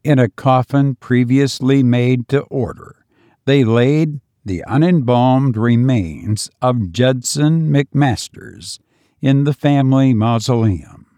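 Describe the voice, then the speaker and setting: A man reading a story aloud in measured, solemn scripted narration. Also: medium pitch, dark tone, dry recording, studio quality. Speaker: audiobook narrator.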